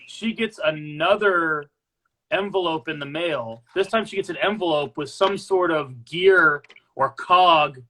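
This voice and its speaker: A man co-hosting a casual movie discussion, retelling the plot in a relaxed way and laughing easily. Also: on the high side, measured pace. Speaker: co-host.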